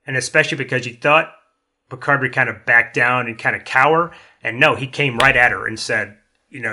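A man's voice: medium pitch, fairly quick, bright, forceful tone. A man chatting casually as a podcast panelist, rambling with many restarts. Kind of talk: casual chat.

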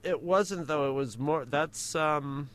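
A man's voice: on the high side, slow pace. Casual man reading listener mail. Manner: rambling, self-correcting. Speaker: podcast co-host.

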